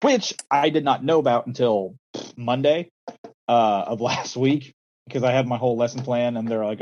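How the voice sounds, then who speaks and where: A man's voice: mid-range voice, moderate pace, darkish tone, dull audio, a little hiss or hum. Rambling young man telling stories. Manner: rambling with many fillers, acts out quoted voices. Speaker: podcast co-host, schoolteacher and coach. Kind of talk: casual storytelling chat.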